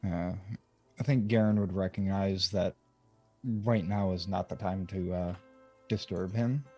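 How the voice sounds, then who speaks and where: A man's voice: low-pitched, fairly even intonation, a little slow, dark tone, soft background music. A man playing a tabletop game, thinking aloud hesitantly with fillers. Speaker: player.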